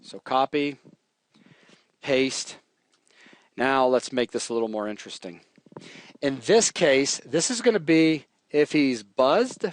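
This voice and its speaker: A man teaching programming in a relaxed, jokey way while he types, walking through code on a live stream. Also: medium pitch, a little slow, pauses often. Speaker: programming instructor. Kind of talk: live coding tutorial.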